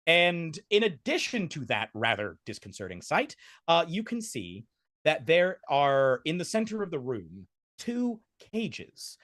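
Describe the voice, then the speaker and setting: A man's voice: fairly high pitch, fairly bright tone, no echo, clean studio sound. A man narrating a tabletop game as game master, rambling with restarts. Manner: rambling, full of fillers and restarts.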